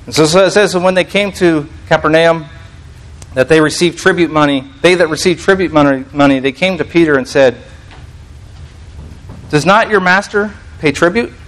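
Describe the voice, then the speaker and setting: A man's voice: fairly high pitch, normal speed, fairly bright tone, low-quality recording. Man giving a casual sermon. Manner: reads scripture aloud, frequent restarts, conversational asides. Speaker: preacher. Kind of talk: sermon teaching.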